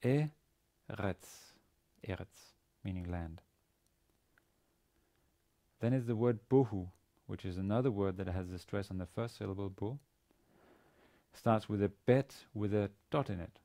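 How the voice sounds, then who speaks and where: Halting low-voiced male lecturer. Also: warm tone. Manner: halting, with many fillers and restarts. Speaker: university lecturer. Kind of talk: recorded language lesson.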